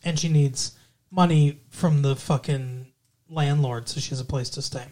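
A man's voice: medium pitch, normal speed, a little mellow. A man co-hosting a podcast, casually recapping a movie plot in a rambling way, full of fillers and swearing. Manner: rambling, swears freely, filler-heavy retelling. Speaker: podcast co-host.

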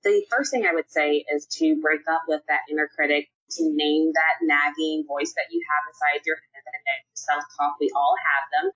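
Podcast guest, young woman, low husky voice, upbeat and casual. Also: moderate pace, hardly any pauses, a bit bright, dull audio. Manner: upbeat, candid, casual slang. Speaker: podcast guest, nonprofit PR professional. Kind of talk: podcast interview.

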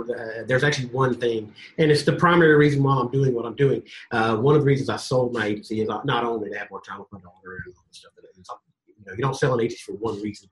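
Guy rattling off stories quick on a podcast call, acts out the quotes, swears a bit. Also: mid-range voice, low-quality recording. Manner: fast, animated storyteller, acts out quotes, swears casually. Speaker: agency coach, guest. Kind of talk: casual podcast interview.

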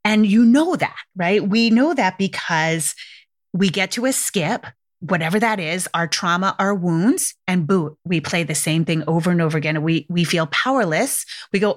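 A woman's voice: lowish voice, moderate pace. A middle-aged woman hosting a parenting podcast in casual solo talk, chatty and emphatic, often asking "right?" and addressing listeners as "you guys".

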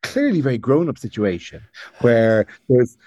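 A man's voice: mid-range voice, very animated, moderate pace, dark tone, no room sound, highs cut off. An Irish man guesting on a comedy podcast, talking in a wry, rambling, jokey way. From Ireland. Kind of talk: casual comedic chat.

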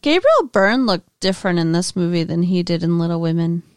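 A woman's voice: on the low side, expressive, a little fast, smooth, no echo. A woman co-hosting a podcast, chatting about a movie in a wry, offhand way. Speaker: podcast co-host. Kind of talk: casual movie review chat.

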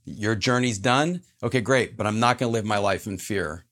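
A man, a podcast guest, telling a personal story in an animated, earnest way and acting out other people's lines. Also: on the low side, moderate pace. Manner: earnest, reflective.

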